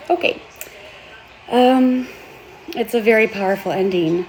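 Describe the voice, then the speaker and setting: A tearful woman talks to her viewers in a raw, gravelly voice that frays into fry. She pleads earnestly and stumbles over restarts. Now and then she swears as the emotion spills over. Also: medium pitch, steady tone. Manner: impassioned, swears, halting restarts. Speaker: vlogger and author. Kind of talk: emotional vlog monologue.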